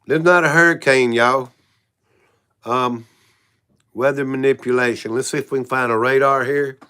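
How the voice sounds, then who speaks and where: Rambling man, bright clear voice. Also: mid-range voice, fairly even intonation, normal speed. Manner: rambling, frank, frequent "y'all". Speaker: channel host. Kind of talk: casual livestream talk.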